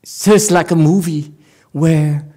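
In a low voice, taking her time, a Buddhist teacher delivers a dharma talk about Chan stories. Her manner is animated, with lots of laughter and regular check-ins with her audience.

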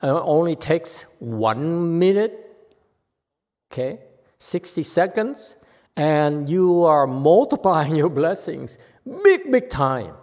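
Playful monk teaching in an echoing hall. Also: male voice, a little high, big pitch swings, slow pace, a little mellow. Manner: playful, laughs often, short broken phrases. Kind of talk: informal dharma talk. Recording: reverberant hall.

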